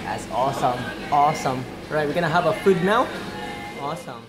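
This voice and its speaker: A man chatting excitedly to viewers in a casual cafe vlog, laughing often and calling them guys. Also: fairly high pitch, brisk, poor audio. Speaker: vlogger. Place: cafe indoors. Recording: loud background music. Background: loud music.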